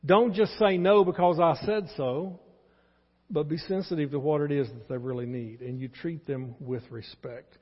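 The recording, dull and lo-fi with a long church reverb, captures a sixty-something Texan pastor delivering a sermon in the sanctuary. He pleads earnestly and repeats his main points, speaking at a moderate pace in a fairly high voice.

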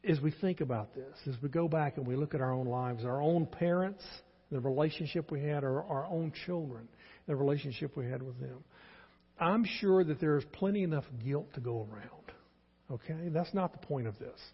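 A man's voice: fairly high pitch, moderate pace, breathy edge. A man in his sixties with a Texan accent, preaching a sermon as pastor in an earnest, pleading way and repeating his key points. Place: church sanctuary. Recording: dull lo-fi church sermon with long reverb.

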